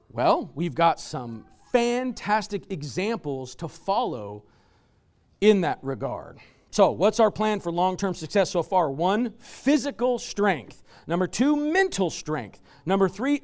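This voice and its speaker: Male preacher, high and animated delivery, emphatic sermon with slow scripture readings. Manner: emphatic, reads scripture slowly and deliberately; lists examples in rising, enthusiastic bursts.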